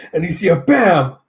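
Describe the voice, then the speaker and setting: Casual man reading a comic aloud. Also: high voice. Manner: chatty, with sound-effect words. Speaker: comic readthrough host. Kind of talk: casual comic readthrough narration.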